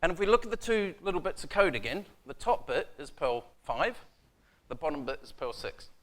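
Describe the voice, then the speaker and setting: A man's voice: a little high, big pitch swings, brisk, a bit bright, a little hiss or hum. New man giving a casual tech talk. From New Zealand. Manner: casual, self-deprecating, many ums and uhs. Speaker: conference speaker. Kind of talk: technical conference talk. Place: conference room.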